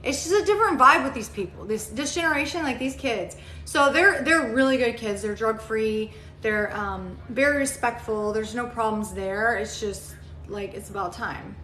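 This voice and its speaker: A woman's voice: on the high side, moderate pace, sharp tone. A woman hosting a casual livestream, chatting bluntly and profanely with viewers and rambling with lots of fillers. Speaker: livestream host. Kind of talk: casual live chat, answering viewer comments. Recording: echoey room, faint background noise.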